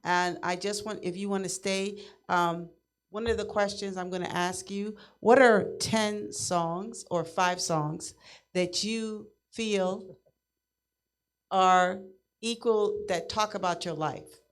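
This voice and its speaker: Woman, community radio host, chatty and encouraging, mid-pitched. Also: steady tone, slow pace. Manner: upbeat, affirming, chatty. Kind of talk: casual call-in interview.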